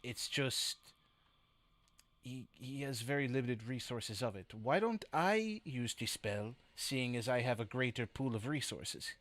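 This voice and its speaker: A man's voice: medium pitch, animated, a little slow, a bit bright, dry recording. Man narrating as game master. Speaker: dungeon master.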